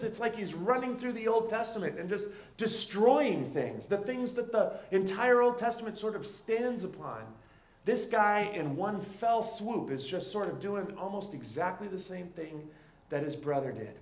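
A man's voice: high voice, lively intonation, normal speed, reverberant. A male pastor delivering a conversational sermon and often checking in with his listeners.

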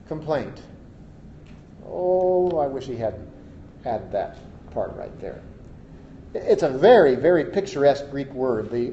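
A man's voice: on the high side, dark tone. A man preaching a sermon as a pastor, in a conversational way, repeating words and adding wry humor. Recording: echoey, dull, faint hiss.

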